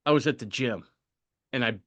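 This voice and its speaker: A male podcast host with a bright, forward voice. He tells stories casually and with animation, keeps checking in with his listener, and sits at a middle pitch. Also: normal speed. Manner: animated, often tags sentences with "right?". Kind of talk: casual storytelling.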